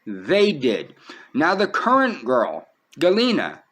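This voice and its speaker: An agitated man pleads with someone who is not there, circling back over the same points. His voice sits fairly high and swings widely up and down as he presses each point. He speaks in short, insistent bursts. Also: big pitch swings, measured pace. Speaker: vlogger. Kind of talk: emotional direct address to camera.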